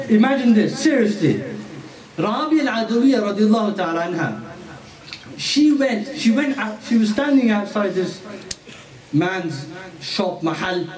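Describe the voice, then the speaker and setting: A man giving a playful storytelling sermon in a mosque, teasing the audience and mixing in Urdu and Arabic words. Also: high voice. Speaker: preacher. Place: mosque hall. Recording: echoey hall from far off.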